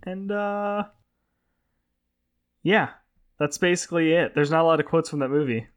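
A man with a slightly higher voice co-hosting a loose, casual podcast. He laughs often and swears freely as he banters. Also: moderate pace. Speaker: podcast co-host.

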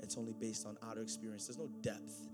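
A man preaching a sermon, swinging from loud, excited preaching to quiet, intense talk. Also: lowish voice, fast, loud music behind the voice.

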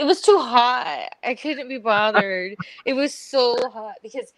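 A woman's voice: a little high, unhurried, dry recording. Chatty woman telling a story. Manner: animated storytelling, acting out quotes, laughing often. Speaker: podcast co-host. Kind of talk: casual chat.

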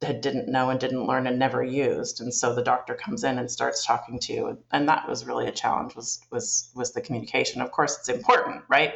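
A Canadian woman, a guest in a casual storytelling interview, rambles through her stories with plenty of fillers and restarts. Her voice is extremely low and gravelly, and the recording sounds muffled.

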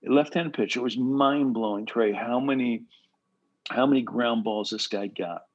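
A man who played pro baseball giving casual, animated advice to pitchers, full of "bro" and "right?". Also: moderate pace, lo-fi sound. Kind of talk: casual coaching talk.

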